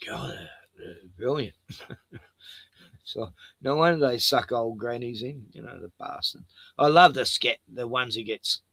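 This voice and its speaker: A man's voice: medium pitch, measured pace, creaky, a bit bright, dry recording. A man hosting a livestream, telling crude, rambling stories and chuckling often. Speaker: livestream host. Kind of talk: casual chat.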